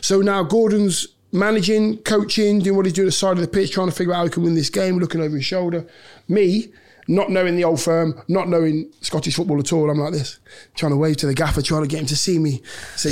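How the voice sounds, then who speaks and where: A middle-aged man, a former footballer and podcast guest, telling a lively anecdote and often laughing. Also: fairly high pitch, fast. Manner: animated storyteller, laughs often, acts out quotes. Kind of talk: storytelling anecdote in a podcast interview.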